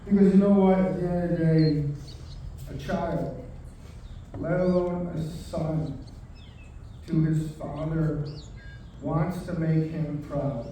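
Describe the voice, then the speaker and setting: Slow-spoken man, far off in an echoing room. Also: a little high, fairly even intonation, mellow, slight background noise. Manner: halting, with pauses and restarts. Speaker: son giving a eulogy. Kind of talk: memorial speech with a toast.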